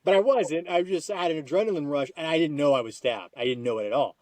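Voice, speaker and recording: A man telling a long personal story in casual talk, with many restarts and excited jumps in pitch. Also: fast talker, no room sound. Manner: animated, jumps to high excited quoted lines; frequent restarts and repetitions. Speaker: podcast guest.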